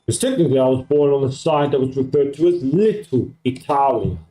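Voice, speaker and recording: A man's voice: medium pitch, animated, fairly quick, warm tone, soft background music, poor audio. A man from Australia with an American-sounding accent, chatting casually on a live stream in a rambling way, full of fillers. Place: home at night.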